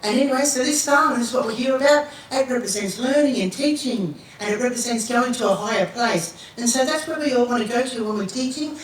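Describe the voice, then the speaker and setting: An older Australian woman gives a Welcome to Country to an audience, telling a creation story in a relaxed, rambling way and asking listeners to repeat words after her. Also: fairly high pitch, quick pace, few pauses. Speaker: Aboriginal elder giving a Welcome to Country. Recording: echoey hall from far off, faint noise.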